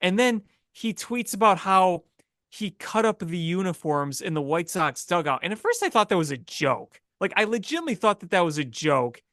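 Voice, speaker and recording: A sports podcast co-host in casual chat, telling stories in an animated, incredulous way. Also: mid-range voice, moderate pace, no echo, studio quality.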